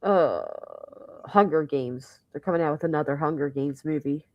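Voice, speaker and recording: A woman's voice: low-pitched, normal speed, dry recording, lo-fi sound. A woman chatting casually on a livestream, rambling and heartfelt as she thanks her host. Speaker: livestream guest.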